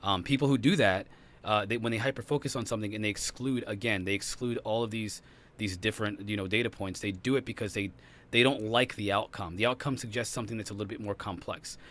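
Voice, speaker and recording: A man's voice: on the low side, fairly even intonation, a bit bright. A man hosting a podcast, arguing heatedly and repeating his points, with a British accent. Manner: fast, insistent, repeats himself. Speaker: podcast host. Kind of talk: heated debate.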